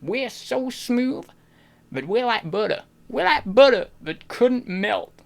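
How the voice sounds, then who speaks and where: A man's voice: very high voice, lively intonation, gravelly, pitched above the performer's own voice, heavily acted. A man putting on a syrupy Southern drawl. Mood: hammy. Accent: mock Southern US drawl. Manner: drawn-out, sing-song, hammy delivery. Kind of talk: joke impression on a live stream.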